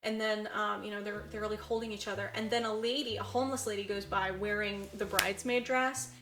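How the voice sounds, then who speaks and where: A woman's voice: medium pitch, fairly quick, reverberant, noisy background. A woman co-hosting a podcast, animatedly retelling a film plot in casual chat and acting out the characters' lines. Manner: animated storyteller, acts out quotes, says "like" a lot. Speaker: podcast co-host. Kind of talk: casual chat recapping a movie.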